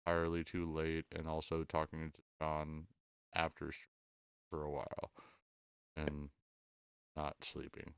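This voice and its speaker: A man hosting a casual late-night podcast chat, tired and a little drunk, repeating himself and trailing off quietly. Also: very deep voice, monotone, measured pace, creaky, long pauses, smooth, dry recording, clean studio sound. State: sleep-deprived and tipsy. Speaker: podcast host.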